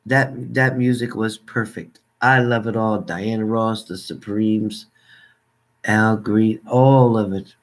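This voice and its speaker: An older man casually chatting on a livestream, warmly thanking viewers by name and calling them hon. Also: on the low side, fairly even intonation, slow pace. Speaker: livestream host.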